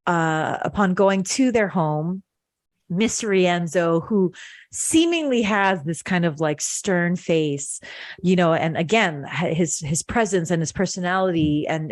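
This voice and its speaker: A middle-aged woman from Hawaii hosts a podcast in a casual chat, her voice on the low side with no echo. She speaks earnestly and from the heart, using many fillers.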